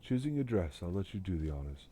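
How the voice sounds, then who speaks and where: A composed queen planning a royal wedding, read by a man in a video game. The voice is low and unhurried, with a lively lilt and faint noise behind it.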